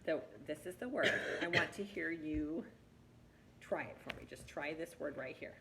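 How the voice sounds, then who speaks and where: Low, gravelly-voiced woman teaching reading. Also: moderate pace, a crowd in the background, poor audio. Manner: patient, encouraging, coaxing. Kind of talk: one-on-one reading lesson.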